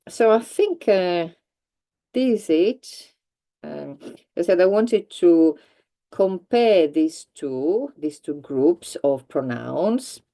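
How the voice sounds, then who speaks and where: Her voice is extremely low, creaky and mellow as she walks learners through a grammar lesson. Patient and repetitive for their sake, she fills her explanation with ums and false starts.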